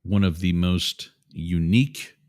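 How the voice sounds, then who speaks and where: Deep-voiced man hosting political talk. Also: fairly even intonation, slow, a little mellow. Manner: rambling, digressive, with asides to listeners. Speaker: show host. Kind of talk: opinionated political commentary.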